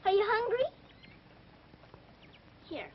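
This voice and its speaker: A woman's voice: very high-pitched, big pitch swings, slow, a little hiss or hum. A young girl speaking politely and earnestly in a 1930s film. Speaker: little girl lead in a film. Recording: dull old film soundtrack.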